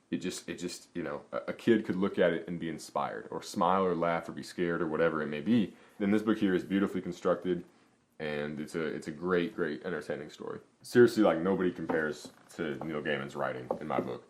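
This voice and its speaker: A young man hosting a vlog, chatting enthusiastically and casually with frequent restarts and fillers. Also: low-pitched. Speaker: vlog host. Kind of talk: casual book review chat.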